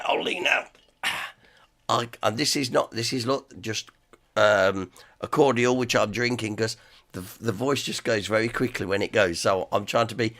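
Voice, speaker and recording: A man with an East Midlands accent hosting a casual live stream, hoarse from a sore dry throat, rambling and greeting viewers one by one. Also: fairly low pitch, pushed and bright. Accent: East Midlands English.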